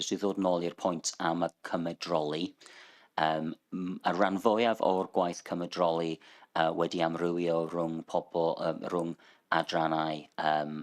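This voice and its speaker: Councillor man, very deep and flat monotone, halting committee question. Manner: halting, hesitant, many ums. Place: council committee meeting, hybrid.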